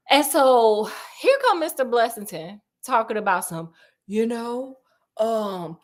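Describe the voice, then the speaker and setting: Woman, comic storytelling, slangy, animated, laughs a lot. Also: fairly high pitch, slow pace.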